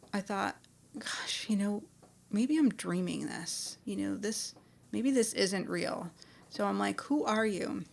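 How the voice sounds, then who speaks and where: A woman in middle age speaks at an ordinary pitch with a noticeable rough fry in her voice. She tells a personal spiritual story in a loose, chatty way, full of fillers and restarts. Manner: conversational, many restarts and fillers.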